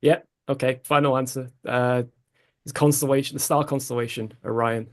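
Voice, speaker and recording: A man's voice: mid-range voice, fairly even intonation, normal speed. A man answering a trivia question, hesitant and thinking aloud. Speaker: trivia contestant.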